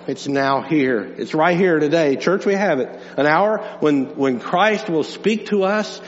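A man pastor preaching a conversational sermon in a church, earnest and repeating himself as he restarts phrases. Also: on the high side. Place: church sanctuary. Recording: dull lo-fi hall recording with hum.

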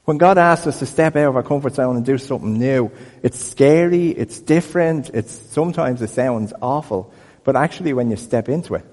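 A man preaching a sermon as a pastor, telling stories in a conversational, animated way. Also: medium pitch, normal speed, big-room sound. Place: church building.

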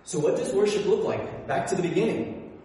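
A male pastor preaching a sermon, telling stories with animated energy and dropping into quiet emphasis. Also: high-pitched, a little fast. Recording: echoey hall from far off.

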